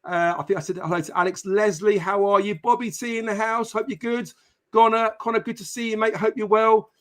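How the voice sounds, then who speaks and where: A man's voice: high voice, steady tone, fairly quick. A man hosting a live football podcast stream, chatting casually with many fillers and greeting viewers by name. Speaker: podcast host.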